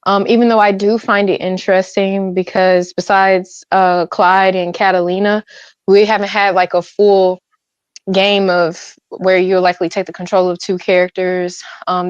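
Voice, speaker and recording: A woman giving her views on a gaming talk show, measured and hesitant with many fillers. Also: medium pitch, clear, resonant tone, no room sound. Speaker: podcast panelist. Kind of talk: casual gaming chat. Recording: dull lo-fi mic.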